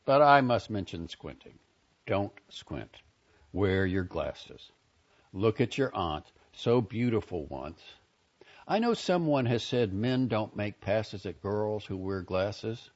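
A man's voice: on the low side, big pitch swings, slow, full character voice. A man voicing a fussy elderly immigrant father who lectures his grown daughter earnestly and insistently. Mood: earnest lecturing. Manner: lecturing, insistent, gently scolding. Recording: dull lo-fi recording.

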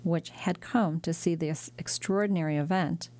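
A woman narrates a classic novel as an audiobook. Her voice sits a little low. She reads in a measured, dramatic way. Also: steady tone, darkish tone. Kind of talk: scripted narration.

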